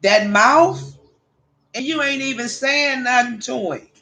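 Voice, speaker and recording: A woman hosting a livestream, chatting casually with viewers and telling animated, profane stories. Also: high voice, takes it slowly. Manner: addresses viewers by name. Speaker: livestream host.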